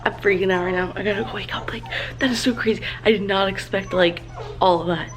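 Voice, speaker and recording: A woman's voice: medium pitch, steady tone, brisk, faint music behind, rough recording. A young woman from Louisiana, chatting in a bubbly, giggly way to her vlog camera at home. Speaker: vlogger. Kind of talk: casual vlog chat.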